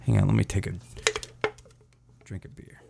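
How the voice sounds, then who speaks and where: A man's voice: fairly low pitch, level tone, normal speed, vocal fry, noisy background. A man hosting a podcast, telling a story in a rambling, profane way and often laughing at his own words. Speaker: podcast host. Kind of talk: casual storytelling.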